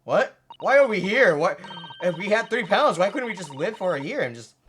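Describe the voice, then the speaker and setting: Excitable gamer swearing through commentary. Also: medium pitch, normal speed, a little hiss or hum. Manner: excitable, swears, laughs often. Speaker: let's play host. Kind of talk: casual gameplay commentary.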